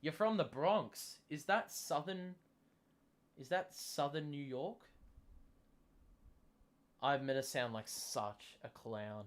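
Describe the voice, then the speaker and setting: A young man hosting a live basketball watchalong stream, chatting with viewers and calling plays, getting loud and excited on big moments. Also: on the high side, slow pace, pauses often. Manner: chatty, self-deprecating. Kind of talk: live casual commentary, reading chat.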